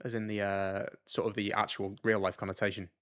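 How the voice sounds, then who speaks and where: A man's voice: on the low side, level tone, brisk, fairly bright tone, clean tone. A man giving casual gameplay commentary as a let's play host, muttering his moves to himself, upbeat, with the odd swear.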